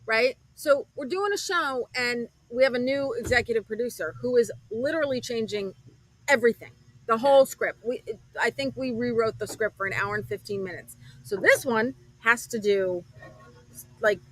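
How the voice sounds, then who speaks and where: A woman guest who works the show's teleprompter, chatting in a halting way and often restarting her sentences. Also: a little high, fairly bright tone, dry recording, low-quality recording. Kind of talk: casual chat.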